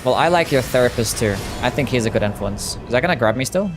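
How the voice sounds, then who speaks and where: A man's voice: mid-range voice, animated, fast, music in the background. A man with an Australian accent, joking casually with his chat while streaming a game. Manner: casual, joking, chats with viewers. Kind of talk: live gameplay stream commentary.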